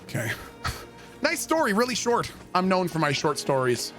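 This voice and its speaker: A male game streamer telling an army story and chatting with viewers in an animated, joking, profane way. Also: high voice, moderate pace, soft background music. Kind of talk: casual storytelling and chat with viewers.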